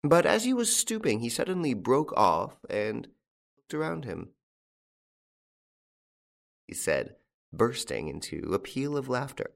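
A man narrating a classic story as an audiobook, with an expressive storytelling delivery. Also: medium pitch, a little slow, vocal fry, long pauses.

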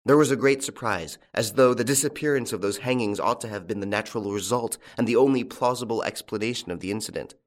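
A man narrating a classic detective story in an audiobook, in a measured, unhurried storytelling manner. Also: on the low side. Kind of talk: scripted narration.

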